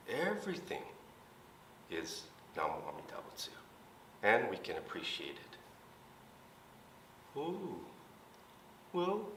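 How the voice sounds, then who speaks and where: A seventy-year-old man, a minister, explaining things gently and patiently in a light comedic skit. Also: fairly low pitch, a little hiss or hum. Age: 70s. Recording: roomy hall, mic at a distance.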